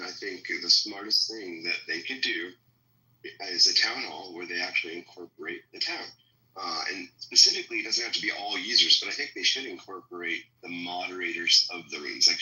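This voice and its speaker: A man's voice: sits low, bright, forceful tone, reverberant, rough recording. A man from California chatting casually in an online audio room, rambling and opinionated, laughing at his own jokes. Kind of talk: casual chat.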